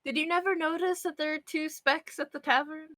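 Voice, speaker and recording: Wry, bright-voiced young woman player. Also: sits high, fairly even intonation, a little fast, dry recording. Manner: wry, teasing. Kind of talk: tabletop role-play, in and out of character.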